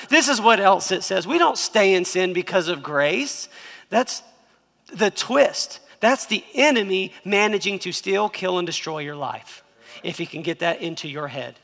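High, bright-voiced preaching man. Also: lively intonation, normal speed, vocal fry, long reverb tail. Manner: emphatic, asks the congregation to repeat lines. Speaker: pastor. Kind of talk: sermon.

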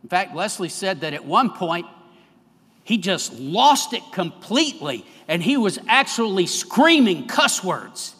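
A middle-aged man preaching a sermon as pastor, emphatic with big swings between soft and loud. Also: high voice, sing-song, unhurried, slightly rough. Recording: long church hall reverb.

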